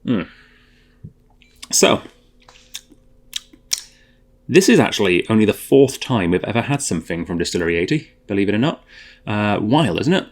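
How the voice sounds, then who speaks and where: Guy with a lowish voice doing a chill whisky tasting, rambly, corrects himself a lot. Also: moderate pace, pauses often. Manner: relaxed, thinking aloud with fillers and self-corrections. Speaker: host. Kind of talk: casual whisky tasting chat.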